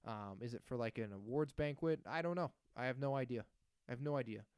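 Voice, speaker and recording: A man's voice: mid-range voice, fairly quick, clear, resonant tone, no echo, studio quality. Sarcastic man ranting on a podcast. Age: 30s. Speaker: podcast host. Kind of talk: casual solo podcast rant.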